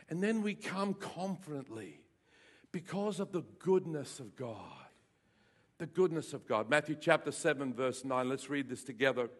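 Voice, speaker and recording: A male pastor preaching a lively sermon to his congregation, with playful asides and bursts of raised voice. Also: on the high side, measured pace. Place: church hall with congregation.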